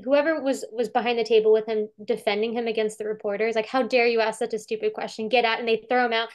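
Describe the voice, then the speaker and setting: A woman's voice: fairly high pitch, fairly even intonation, quick pace. A woman curator chatting casually about a film over a video call, talking with many fillers and restarts and acting out quotes.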